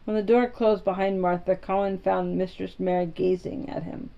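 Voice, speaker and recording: A woman narrating a children's storybook aloud in a calm, steady manner. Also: on the low side, moderate pace, gravelly, hardly any pauses, lo-fi sound.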